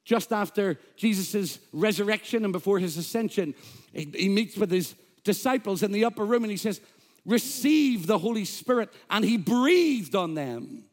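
A man's voice: high voice, lively intonation, normal speed. A man, a Pentecostal pastor, preaching an emphatic sermon in church, quoting scripture and joking with the congregation.

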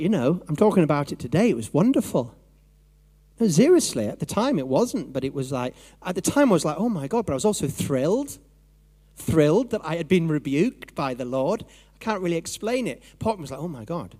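A man preaching a sermon in a lively, conversational way, acting out his own thoughts and voices. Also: fairly high pitch. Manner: animated, conversational, acts out inner voices.

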